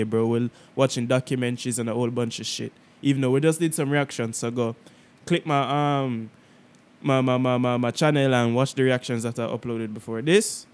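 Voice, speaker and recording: A man with a Jamaican accent hosting a reaction video, talking casually in an excitable, rambling way. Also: mid-range voice. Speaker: reaction channel host.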